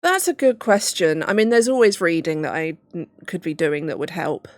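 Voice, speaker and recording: A woman's voice: fairly low pitch, animated, moderate pace, no room sound, clean studio sound. A young woman talking casually on a livestream, on the verge of tears, thinking aloud with nervous laughs. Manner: tearful self-talk with nervous laughs. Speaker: livestreamer and PhD student.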